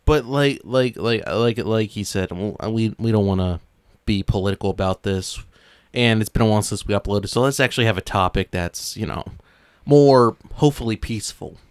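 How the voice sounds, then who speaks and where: A man's voice: lowish voice, normal speed, clear, resonant tone, dry recording. A young man co-hosting a podcast in casual chat, swearing often and rambling with many restarts. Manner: swears a lot, rants loudly then calms into rambling. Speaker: podcast co-host.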